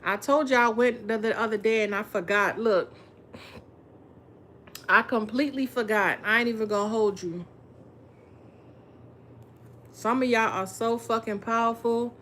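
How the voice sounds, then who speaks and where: A woman's voice: on the high side, a little slow, long pauses, a bit bright, slight background noise. A woman giving a casual tarot reading, blunt and full of profanity and slang, talking straight to her viewers. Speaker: tarot reader.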